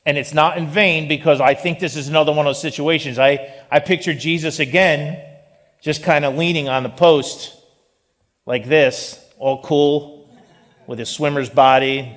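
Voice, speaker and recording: A male pastor preaching a sermon in an animated style, with joking asides. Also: a little high, normal speed. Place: church sanctuary. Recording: long reverb of a large hall.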